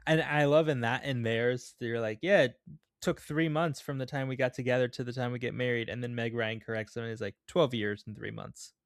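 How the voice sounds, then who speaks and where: A man's voice: medium pitch, steady tone, fairly quick, clear, resonant tone, no room sound, studio quality. A man co-hosting a podcast, chatting casually and laughing about a film he just watched. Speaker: podcast co-host.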